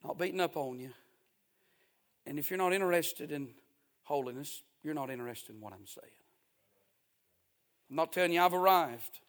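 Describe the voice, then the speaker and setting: A man's voice: on the high side, normal speed, long pauses, fairly bright tone. A male pastor preaching a sermon in a folksy, emphatic way, repeating key phrases.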